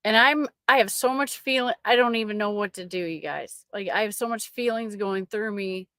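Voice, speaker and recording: A middle-aged woman with a medium, slightly bright voice gives an emotional, halting testimony of her personal faith to an online audience, frequently restarting her sentences. The recording is dry and studio quality.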